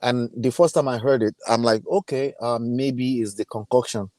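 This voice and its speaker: A man's voice: medium pitch, steady tone, darkish tone, no echo. A Nigerian man hosts a casual conversation. He talks in a chatty, amused way, with home-language phrases mixed in. His voice sounds dry and close to the microphone. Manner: chatty, code-switching, quick laughs. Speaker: host. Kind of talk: casual chat.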